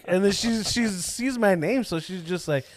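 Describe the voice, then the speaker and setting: A young man from Southern California, co-hosting a podcast and telling a story in a profane, animated way while quoting the people in it. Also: sits high, normal speed, slight background noise. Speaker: podcast co-host. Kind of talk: casual storytelling chat.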